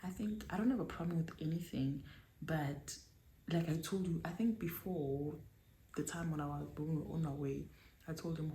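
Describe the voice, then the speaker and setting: A woman's voice: low voice, normal speed. A young South African woman with a South African accent telling a dramatic story in a storytime vlog, switching between languages as she goes. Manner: animated, dramatic retelling with code-switching. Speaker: YouTuber. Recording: echoey room with faint noise.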